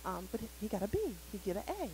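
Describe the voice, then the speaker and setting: A woman's voice: mid-range voice, very animated, very fast, darkish tone, slight background noise, low-quality recording. A woman on a live community panel, telling a story animatedly and acting out the quotes. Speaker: parent panelist. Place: community center event.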